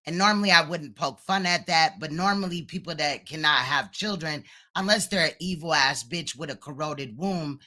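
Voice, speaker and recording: A woman's voice: sits low, normal speed, hardly any pauses, bright, forceful tone. Blunt mocking woman host. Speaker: commentary host. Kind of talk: reaction commentary.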